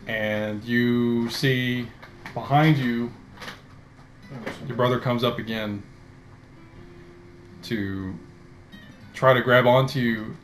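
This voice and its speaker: Speaking into a headset, a man serves as dungeon master for a tabletop game, narrating slowly and dramatically like a storyteller. His voice is medium-pitched, steady, and fairly bright, with soft music in the background.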